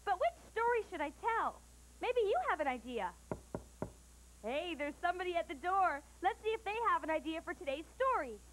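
A woman hosting a children's storybook show, talking in a bubbly, excited, sing-song way. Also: very high voice, moderate pace, a little hiss or hum, exaggerated voice.

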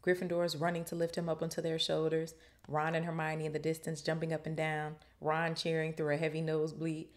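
This woman has a low voice and talks a little fast. She hosts a podcast where she reads a novel aloud, peppering it with lively, joking remarks in casual slang.

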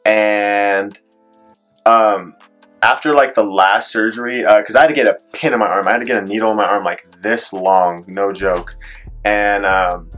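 In this vlog, a young man with a low, fairly bright voice rambles through a personal story. He leans hard on the filler "like" and acts out what other people said.

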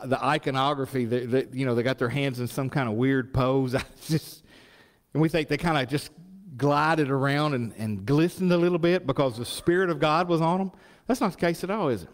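Folksy preacher in a reverberant church. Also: male voice, medium pitch, a little fast. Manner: folksy, animated, asks the congregation questions. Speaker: pastor. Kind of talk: sermon.

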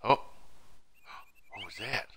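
Streaming a game, a man offers casual commentary at a slow pace and mutters to himself, his volume drifting from quiet to loud. Game music plays behind him amid heavy background noise.

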